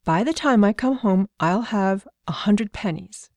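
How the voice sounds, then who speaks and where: A woman's voice: medium pitch, animated, unhurried, a little mellow, dry recording, studio quality. A woman reading aloud, voicing an eager, bossy little girl in a storybook.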